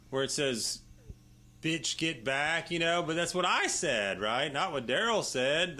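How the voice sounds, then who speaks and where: Man, casual interview guest, bright forceful voice, rambling, swears a lot, says "you know" and "right" constantly. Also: fairly high pitch. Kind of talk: casual storytelling.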